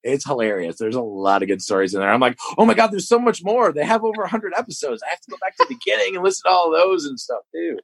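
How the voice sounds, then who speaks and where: A man hosting a podcast, with a husky, rough edge and a pitch that swings around a lot. He eggs his guests on eagerly, and the sound is dry and close. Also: animated, a bit bright, no echo. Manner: eager, encouraging, quick to laugh. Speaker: podcast host. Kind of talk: casual interview chat.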